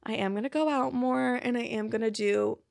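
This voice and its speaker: A woman's voice: fairly high pitch, steady tone, a little fast, gravelly, a little mellow, no echo, clean studio sound. A young woman in her twenties hosting a podcast, chatting casually and swearing freely, with lots of likes and some laughter. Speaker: podcast host. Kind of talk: casual chat. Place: apartment in a big US city.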